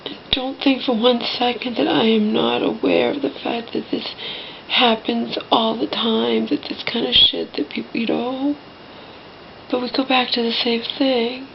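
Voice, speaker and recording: A woman's voice: on the high side, little pitch movement, unhurried, creaky, highs cut off, slight background noise. A woman ranting to her viewers in an indignant, mocking way, swearing and talking straight to the people watching. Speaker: vlogger. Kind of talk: angry personal rant to camera.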